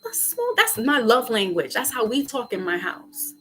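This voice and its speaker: A woman vlogger giving a casual spiritual pep talk in an animated, slangy way, acting out little quoted exchanges. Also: a little high, moderate pace, slight background noise.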